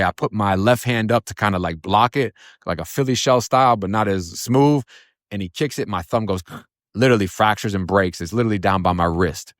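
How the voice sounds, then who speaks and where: A man's voice: on the low side, no room sound, studio quality. A man from Florida telling a story in casual, blunt speech, swearing freely and using lots of fillers. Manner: blunt and profane, with many fillers.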